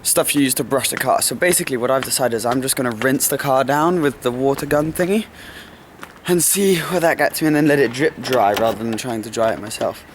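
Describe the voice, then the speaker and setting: A young man with an English accent chatting casually to camera at home as a vlogger, excitable and self-mocking. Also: medium pitch, a little fast, noisy background. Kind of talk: casual vlog chat to camera. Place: home, kitchen indoors. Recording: roomy echo.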